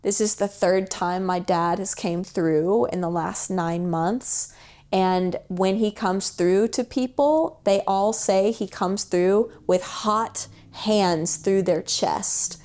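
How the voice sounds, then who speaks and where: Woman guest, casual storyteller, mid pitch, animated, acts out quoted lines. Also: takes it slowly. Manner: chatty, with fillers like "like" and "um". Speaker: podcast guest.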